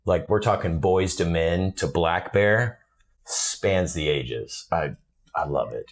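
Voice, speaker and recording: A man's voice: low-pitched, slow pace. A man co-hosting a casual podcast, joking and laughing often as he talks. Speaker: podcast co-host. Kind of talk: casual chat.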